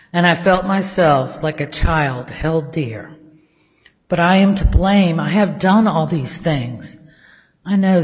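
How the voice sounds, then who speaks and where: A man, a state legislator, slowly reciting a devotional poem as the opening prayer, gentle and measured, letting line ends fall to a hush. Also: on the high side. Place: legislative chamber. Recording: dull, echoey chamber audio.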